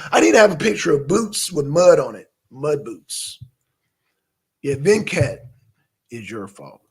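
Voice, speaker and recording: With a high, husky voice touched by vocal fry, a man hosts a live stream and chats casually with viewers. He calls out names from the chat and fires off questions, animated as he bursts into shouted questions and mutters to himself.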